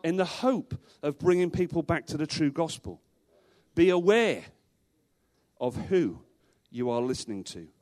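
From the pulpit, a pastor preaches to a gathered congregation in a high, light voice with a darkish tone, expressive and unhurried. Emphatic throughout, he hammers his points with repeated rhetorical questions and the odd dry joke.

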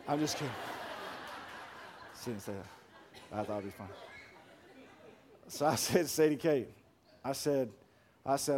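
A pastor in his thirties preaching a sermon, emphatic and deliberate, then soft and hushed as he tells a personal story. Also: mid-range voice.

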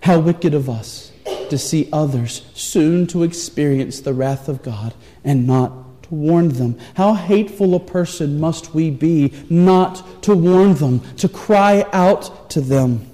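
A man preaching a sermon, telling a story with earnest, pleading warmth. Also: on the high side, slow. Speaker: pastor. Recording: long reverb of a large hall.

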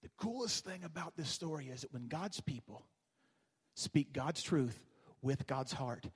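A pastor preaching a sermon in a church, with a passionate, repetitive preaching cadence. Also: male voice, fairly high pitch, animated, a little slow, slightly rough. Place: church sanctuary. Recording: long reverb of a large hall.

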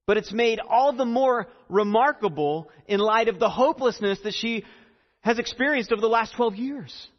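A man with a high voice preaches a sermon, leaning on repeated phrases and dramatic pauses. His earnest delivery carries a long hall echo. The recording sounds dull and muffled. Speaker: pastor.

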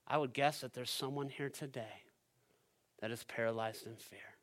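A male pastor preaches a sermon at a church service, speaking directly to the congregation and moving between loud, driving passages and hushed ones. His mid-range voice is animated, and he keeps a moderate pace.

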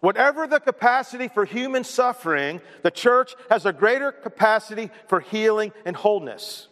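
A man's voice: sits high, animated, moderate pace, fairly bright tone, big-room sound. A man preaching a sermon as pastor of a church, emphatic and repetitive, calling on the congregation to respond. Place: church sanctuary.

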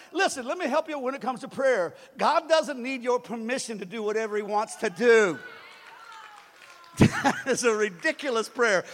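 A man's voice: very high-pitched, normal speed, fairly bright tone. A male pastor preaching a conversational sermon with joking asides in a church. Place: church sanctuary. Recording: long reverb of a large hall.

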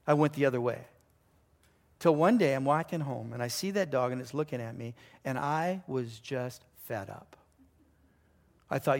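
A man preaching a sermon, telling a story with lively delivery, sometimes dropping to a hushed voice for emphasis. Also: a little high, moderate pace. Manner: animated storytelling, acts out voices and sounds. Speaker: pastor.

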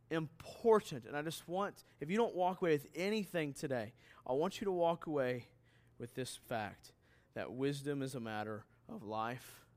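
A man's voice: on the high side, fairly bright tone. Emphatic man preaching a sermon. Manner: emphatic, questioning the listeners directly. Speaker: pastor.

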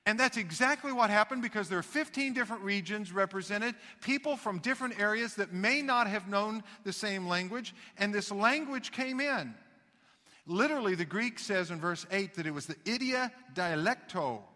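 A male pastor delivers an emphatic sermon, breaking into folksy asides. His voice is high and bright. It carries with a long echo through a large hall. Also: lively intonation, moderate pace. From United States.

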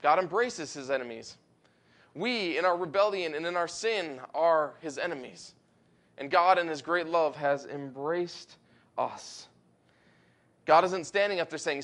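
High-voiced man preaching earnestly. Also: a bit bright. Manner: earnest preaching, rising emphatic peaks, slows for weight. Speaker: pastor. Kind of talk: sermon.

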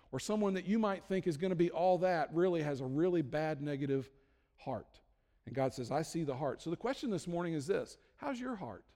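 Casting: man, pastor, slightly high voice, chatty self-deprecating sermon, reverberant church hall. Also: darkish tone. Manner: conversational, self-deprecating humor, frequent restarts.

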